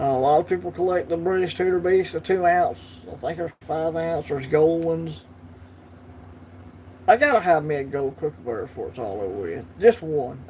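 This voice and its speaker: A man's voice: fairly high pitch, darkish tone, slight background noise. A man with a Southern US accent hosting a casual livestream, chatting easily and answering viewer comments as they come in. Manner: chatty, easygoing, talks back to the chat. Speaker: livestream host.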